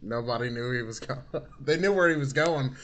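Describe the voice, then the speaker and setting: A man hosting a podcast, asking questions in a relaxed way and laughing along. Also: medium pitch, normal speed, a little hiss or hum. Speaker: podcast host. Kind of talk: casual interview chat.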